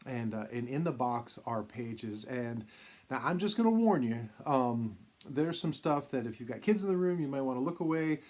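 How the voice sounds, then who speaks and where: A man's voice: mid-range voice, normal speed, a little mellow. A man hosting his own channel, casually telling a long personal story with many fillers and restarts. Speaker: vintage card collector and channel host.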